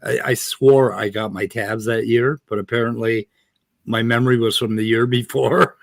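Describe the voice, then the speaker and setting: A man from the United States telling a story casually, animated and swearing often. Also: mid-range voice, moderate pace, creaky, no echo. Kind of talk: casual conversation.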